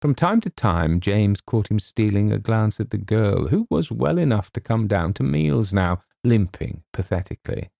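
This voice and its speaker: A man narrating a comic story in a measured, wry manner. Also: on the low side, lively intonation, creaky, warm tone, no echo, clean studio sound. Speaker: audiobook narrator.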